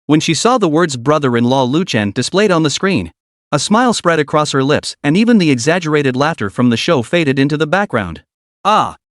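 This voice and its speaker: A man with a fairly high voice reads a story aloud in a steady, scripted narration. He voices every character's lines in that same even narrating voice rather than changing his voice for them. The recording is dry and close, with almost no room sound. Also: a little fast, no echo.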